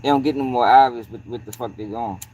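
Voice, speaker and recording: This man runs a livestream, speaking fast in a mid-range, slightly mellow voice. His talk is relaxed and full of swearing, sprinkled with "yo," and he keeps breaking off to say hi to chatters.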